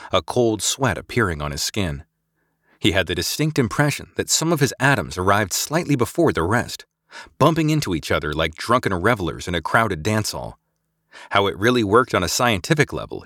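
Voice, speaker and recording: Low-voiced man narrating expressively. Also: fairly bright tone, dry recording, clean studio sound. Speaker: audiobook narrator. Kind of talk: scripted narration.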